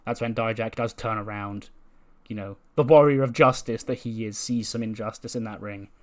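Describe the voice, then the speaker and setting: A young man with a relaxed, rambling way of talking, casually recapping a simulation game as the host. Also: fairly low pitch, moderate pace. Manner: relaxed, rambling, loose slang. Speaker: let's-play host.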